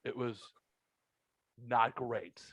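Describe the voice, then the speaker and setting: A man's voice: medium pitch, fairly even intonation, drawn-out words, a bit bright, husky, no room sound, lo-fi sound. A man hosting a podcast, telling a rambling, profane story and acting out both sides of the conversations himself. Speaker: podcast host. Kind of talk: casual chat. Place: home basement room.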